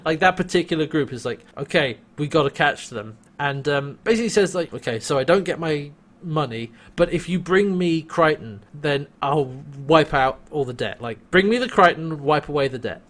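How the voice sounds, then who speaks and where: A man in casual chat, recapping a TV episode with a co-host, animated and quick to act out lines and laugh. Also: on the high side. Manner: animated, acts out quotes, laughs often. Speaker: podcast co-host.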